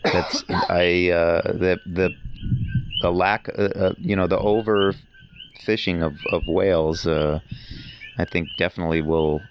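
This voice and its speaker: A man's voice: low voice, fairly even intonation, a little slow, dull audio, noisy background. A man talking as a podcast guest in casual conversation, telling rambling, enthusiastic stories.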